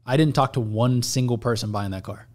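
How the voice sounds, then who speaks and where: A man as a podcast guest chatting casually, offhand, often trailing off quietly. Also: mid-range voice, a little fast.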